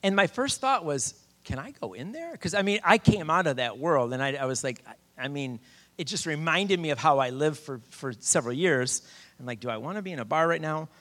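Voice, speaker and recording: A middle-aged man preaching a sermon, telling his own story with lively quoted voices. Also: a little high, fairly quick. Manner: animated storyteller, shouts quoted lines. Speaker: campus minister preaching. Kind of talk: sermon with personal testimony.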